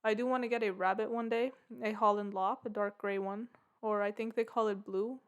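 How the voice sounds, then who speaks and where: Woman podcast host, casual rambling storyteller, smooth clear voice, middle pitch. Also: fairly even intonation, a little fast. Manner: rambling, lots of "like" and "yeah".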